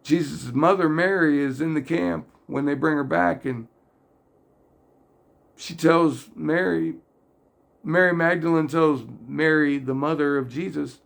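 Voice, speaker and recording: An earnest man talks through faith stories in a casual, rambling way. His voice is gravelly and somewhat high for a man. He speaks slowly and takes his time. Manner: earnest, rambling, gets loudly excited and emotional. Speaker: religious video host. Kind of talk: casual faith talk to camera.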